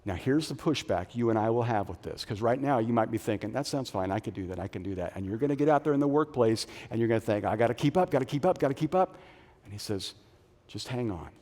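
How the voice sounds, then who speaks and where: A middle-aged man preaching a sermon as a pastor, animated, moving between loud punchy lines and soft low phrases. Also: quick pace. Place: church auditorium. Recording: long reverb of a large hall.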